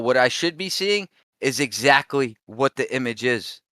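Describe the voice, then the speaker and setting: Dismissive man with a lively voice. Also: medium pitch, moderate pace, noisy background. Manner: dismissive, insulting, exasperated. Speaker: debate opponent. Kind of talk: heated online debate.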